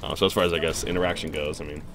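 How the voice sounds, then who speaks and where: A man's voice: very deep voice, very fast, slight background noise. A young man hosting a game stream, commenting on his own play and answering viewer questions in a chatty, rambling way. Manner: excitable, reacts loudly to plays, chatty and rambling. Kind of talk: live gameplay commentary and viewer Q&A.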